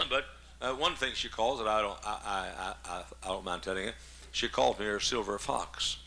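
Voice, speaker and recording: A man's voice: on the low side, normal speed, gravelly, pushed and bright. A man in his seventies, a pastor preaching a humorous sermon in a folksy, joking way, coughing often. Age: 70s.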